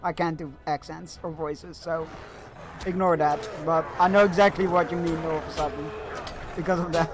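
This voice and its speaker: A man's voice: a little high, steady tone, normal speed. A man chatting casually with his viewers while he streams a video game. He rambles a bit and fills gaps with "uh". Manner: rambling and chatty, with many fillers. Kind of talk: casual chat while gaming.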